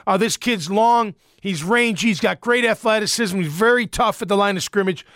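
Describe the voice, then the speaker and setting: A man's voice: sits high, normal speed, a bit bright, no echo, studio quality. A man giving a blunt, heated, opinionated sports rant, repeating himself as he vents. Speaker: sports commentator.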